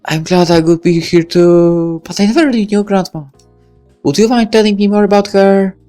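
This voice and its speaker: A thoughtful high school girl muses to herself, voiced by a woman. She questions herself in an easy, middling-pitched voice as a visual novel is read aloud. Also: steady tone, moderate pace, dark tone, soft background music, natural voice. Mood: shy. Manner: musing, self-questioning inner monologue.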